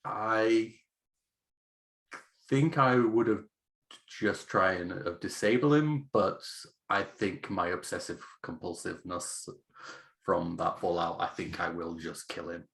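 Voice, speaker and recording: A man's voice: sits low, takes it slowly, vocal fry, a bit bright. A man playing a tabletop role-playing game, thinking aloud and describing his character's actions with many fillers. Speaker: player.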